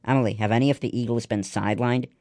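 A man reading the lines of a sensible older brother, a calm young sleuth in a storybook. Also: medium pitch, very fast, no room sound, studio quality, close to an everyday voice.

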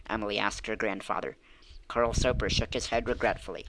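A man reading a children's mystery book aloud, with clear, even storytelling. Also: on the low side, fairly quick, a little hiss or hum, low-quality recording. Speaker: audiobook reader.

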